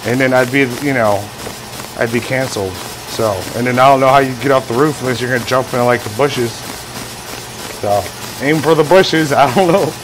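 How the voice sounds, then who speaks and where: A man's voice: medium pitch, a little fast, background noise. A man hosting a casual livestream from his workshop, who rambles, jokes, and acts out imagined scenes. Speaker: livestream host, engraver.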